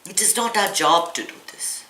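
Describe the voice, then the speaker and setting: A woman's voice: lowish voice, animated, moderate pace, sharp tone, slight background noise. A woman meditation teacher giving a spiritual talk to a live audience, earnest and explaining, often asking rhetorical questions. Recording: echoey room with faint ambience.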